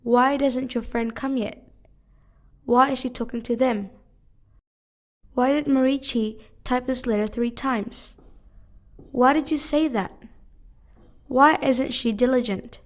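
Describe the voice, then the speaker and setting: Female English teacher, fairly high voice, careful measured delivery of practice sentences. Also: fairly even intonation. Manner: measured, careful reading of one question at a time. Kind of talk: reading drill sentences aloud.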